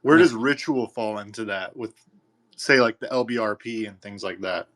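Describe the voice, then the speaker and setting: A man's voice: fairly low pitch, normal speed, a bit bright. A man calling in to ask a curious, hesitant question. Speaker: caller. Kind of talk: live audio call question.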